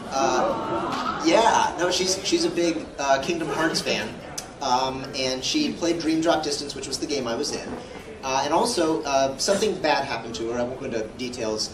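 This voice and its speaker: A man answering fan questions as a guest at a live convention panel, telling jokey stories. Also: medium pitch. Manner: playful, joking storyteller. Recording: echoey hall, far from mic, noisy.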